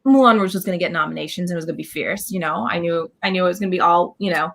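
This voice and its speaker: A woman guest on an interview show, telling a story excitedly in a rambling way with many restarts. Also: fairly low pitch, rapid-fire, creaky. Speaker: guest actor. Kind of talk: casual interview chat.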